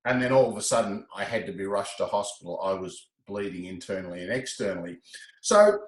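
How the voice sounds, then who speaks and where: A middle-aged man, a guest telling his story in a casual interview, animated and quick to laugh. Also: lowish voice, echoey room, poor audio. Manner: animated, breaks into laughter, repeats words.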